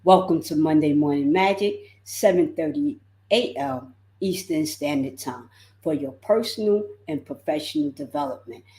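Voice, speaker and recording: A woman life coach giving a motivational livestream talk, expressive and repeating words for emphasis. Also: sits low, normal speed, roomy sound.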